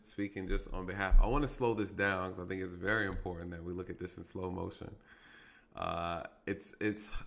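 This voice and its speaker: A police officer gives casual commentary on an arrest video, talking conversationally and often checking in with "right?" and "you guys". His voice is lowish and a bit bright.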